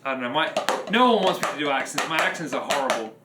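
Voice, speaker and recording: A man's voice: mid-range voice, animated, fast talker, very noisy. A man streaming live as a drummer, chatting casually to his audience in a rambling way with frequent restarts. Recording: echoey room with loud drumming behind.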